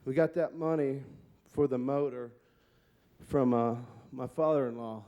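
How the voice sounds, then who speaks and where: A man's voice: mid-range voice, unhurried, mellow, lo-fi sound. A middle-aged man, a monster truck driver, telling candid, heartfelt stories in an award acceptance speech.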